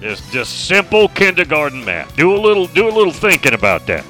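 A man's voice: on the high side, sing-song, fairly quick, pushed and bright, soft background music. A middle-aged man hosting a sports talk radio show, speaking emphatically and reading out listener messages.

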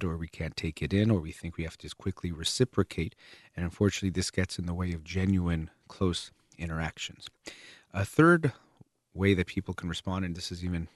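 A man with a very low voice talks through ideas calmly and methodically, pausing now and then on a filler. The sound is close and dry, with no room around it. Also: no room sound. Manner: calm, measured, explaining step by step with occasional fillers. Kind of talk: explanatory talk on relationships.

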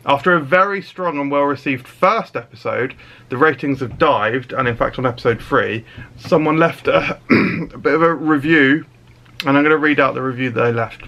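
A man's voice: medium pitch, normal speed, pushed and bright. A man hosting a comedy podcast, telling absurd stories in a mock-serious, sweary way. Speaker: podcast host. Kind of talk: deadpan comedy podcast banter.

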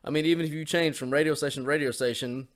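A man's voice: on the high side, fairly even intonation, racing. A man co-hosting a podcast in a crude, rambling, profanity-heavy casual chat. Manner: crude, rambling, lots of swearing. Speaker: podcast co-host.

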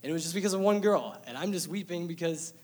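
A man's voice: a little high, fast talker, darkish tone. Young man giving an earnest testimony. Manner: earnest, emotional storytelling with light laughter. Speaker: church member sharing testimony. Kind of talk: personal testimony to a congregation.

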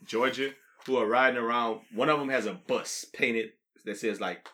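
Bright-voiced joking podcast co-host, a man. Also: mid-range voice, steady tone, moderate pace. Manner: laid-back, joking, profane. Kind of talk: casual podcast banter.

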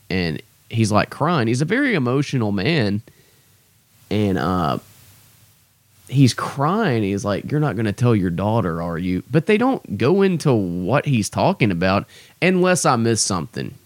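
Rambling young man with a lively voice. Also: medium pitch, no room sound. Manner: rambling, self-deprecating, full of fillers. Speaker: podcast host. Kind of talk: casual solo podcast chat.

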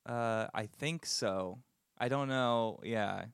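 A man's voice: medium pitch, slow, creaky, smooth, no room sound. Casual rambling man, dry close sound. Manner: rambling, laughs often, trails off. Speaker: podcast co-host. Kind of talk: casual chat.

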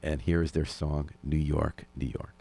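A man's voice: extremely low pitch, little pitch movement, a little slow, vocal fry, mellow, slightly rough. A man hosting a local news and music radio show from a studio, with wry, sardonic commentary. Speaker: radio host.

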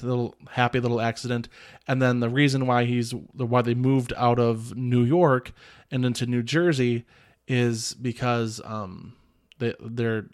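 A man hosting a podcast, casually recapping a film in a rambling way, with lots of filler words and restarts. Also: medium pitch. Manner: rambling, many filler "like"s and restarts, chuckles often. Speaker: podcast host reviewing a film.

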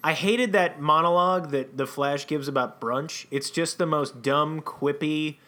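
A man's voice: fairly high pitch, a little slow, pushed and bright. A man co-hosting a podcast in casual chat, giving wry, grumbling opinions. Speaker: podcast co-host.

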